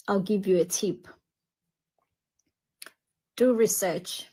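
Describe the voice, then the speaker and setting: Brief: female, unhurried, slightly raspy, earnest advice to camera. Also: mid-range voice, warm tone. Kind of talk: casual commentary video.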